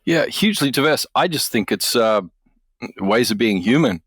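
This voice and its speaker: A man's voice: medium pitch, animated, normal speed, a bit bright, breathy edge, dry recording, studio quality. A man from far North Queensland, a guest speaking in an easygoing, loose way with fillers and laughs. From far North Queensland, Australia. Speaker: guest, academic and author. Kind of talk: casual conversation.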